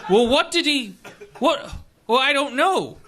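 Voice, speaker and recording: A man's voice: very high-pitched, lively intonation, a little slow, a bit bright, pitched above the performer's own voice, exaggerated voice. A man voicing a cheery, oblivious middle-aged father who sounds perplexed and bumbling. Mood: baffled. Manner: sing-song, bumbling, perplexed. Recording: live show with audience.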